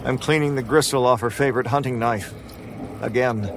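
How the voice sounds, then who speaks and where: A man narrating a first-person horror story in a flat, weary, grim manner. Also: medium pitch, fairly quick, music in the background.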